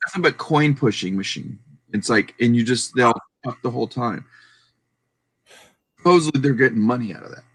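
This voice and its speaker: A man telling stories in a casual online hangout, animated and chatty. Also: mid-range voice, normal speed, pauses often, husky, no echo. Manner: animated storyteller. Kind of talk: casual chat.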